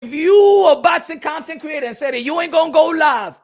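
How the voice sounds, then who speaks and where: A man hosting a boxing channel, ranting loudly and profanely in heated commentary while talking straight to his viewers. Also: very high-pitched, expressive, fairly quick, a crowd in the background.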